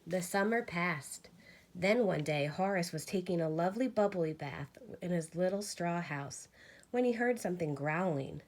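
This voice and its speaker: A woman teacher reading a children's storybook aloud with lively expression. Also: fairly low pitch, moderate pace.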